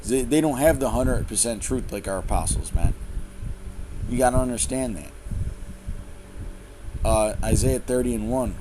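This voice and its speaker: A man's voice: mid-range voice, measured pace, pauses often. Male host, preachy vlog rant, heavy cursing, repetitive "okay?" tags, noisy room with AC hum. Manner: swears a lot, tags lines with "okay?" and "man"; repeats and restarts phrases. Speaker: religious video host. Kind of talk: profane preaching rant to viewers.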